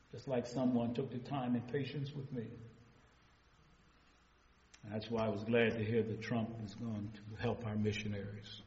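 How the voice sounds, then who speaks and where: An older man preaching a sermon. He retells conversations as stories and rises into loud, high-pitched bursts. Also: level tone, moderate pace, pauses often. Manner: retells exchanges in a storytelling voice. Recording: dull audio with long hall reverb.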